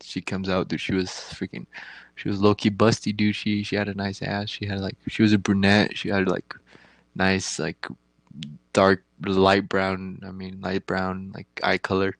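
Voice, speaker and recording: A man's voice: low-pitched, monotone, moderate pace, gravelly, no room sound. A young man telling a crude story in casual chat as a podcast co-host, rambling and profane, often laughing.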